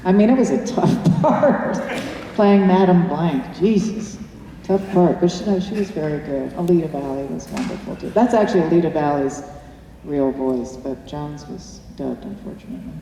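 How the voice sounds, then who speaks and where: An older actress answering audience questions in a chatty, anecdotal way, laughing often at a screening Q&A in a cinema. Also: female voice, low voice, normal speed, warm tone. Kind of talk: post-screening Q&A. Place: cinema auditorium. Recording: echoey hall from far off, faint room noise.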